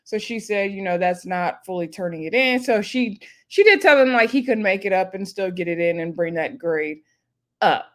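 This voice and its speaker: A woman talks through a reality show episode in a loose, chatty way. She laughs easily and slips into quick impressions of what people said. Her voice sits at an ordinary middle pitch. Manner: chatty, laughs often, lively retelling with voiced quotes. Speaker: reality show recap host. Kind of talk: casual recap commentary.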